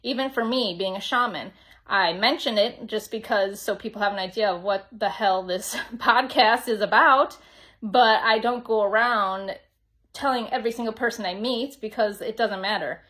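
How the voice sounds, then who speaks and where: A woman's voice: medium pitch, normal speed, a bit bright. A young adult woman hosting a podcast, giving a casual spiritual teaching in a chatty, meandering way full of fillers. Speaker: podcast host.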